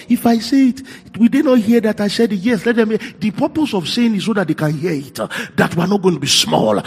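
A male pastor preaching a sermon, swinging from quiet storytelling to shouted declarations. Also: sits high, very animated, fairly quick, vocal fry, slightly rough, soft background music.

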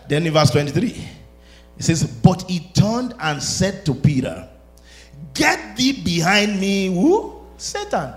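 Guy preaching a sermon, voice swings all over, gets loud and laughs a lot, kinda high. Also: a little slow, faint music behind. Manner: animated, rises to shouts, laughs between points.

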